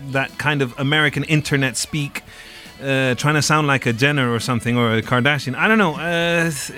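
A man's voice: medium pitch, a little fast, pushed and bright. A man co-hosting a podcast, chatting casually and opinionated about music, digressing and laughing easily. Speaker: podcast co-host reviewing an album. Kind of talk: casual chat.

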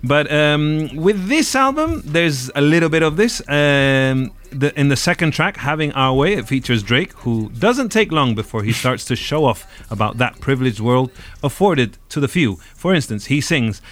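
A man's voice: on the high side, lively intonation, moderate pace, few pauses, a bit bright. A man hosting a podcast, chatting casually about music in a wry, rambling way. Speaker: podcast host.

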